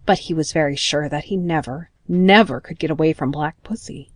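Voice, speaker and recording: A woman narrating a children's storybook in a gentle, expressive manner. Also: low voice, moderate pace, dry recording.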